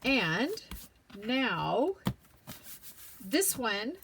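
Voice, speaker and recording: Woman, craft tutorial host, very slow pace, lively pitch, chatty, whispers to herself, going hoarse. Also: noisy background. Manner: slow, chatty, talks to herself while working, drops to whispers. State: losing her voice, clearing throat.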